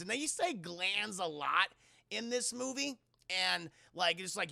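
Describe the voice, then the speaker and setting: Gravelly, rambling male streamer. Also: high voice, expressive, takes it slowly, bright, forceful tone, no echo, clean studio sound. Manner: rambling, profane and jokey. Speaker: streamer and film reviewer. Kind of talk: casual spoiler recap to a live chat.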